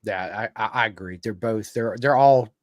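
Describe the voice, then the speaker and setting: An American man hosting a podcast, chatting casually and telling stories with lively acted-out exchanges. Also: lowish voice, normal speed, no echo, clean studio sound. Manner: animated storyteller who acts out quoted exchanges. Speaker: podcast host. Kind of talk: casual interview chat.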